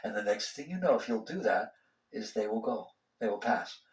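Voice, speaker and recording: Animated man in a roomy hall. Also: lowish voice, moderate pace, recorded from a distance. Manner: animated, conversational, acts out inner voices. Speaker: spiritual teacher. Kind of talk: spiritual talk to an audience. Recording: roomy hall sound, voice from off-mic.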